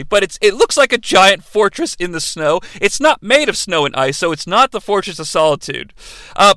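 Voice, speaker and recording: A man hosting a comedic movie recap, joking and swearing freely in an animated rant. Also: high voice, dry recording. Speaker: movie reviewer host.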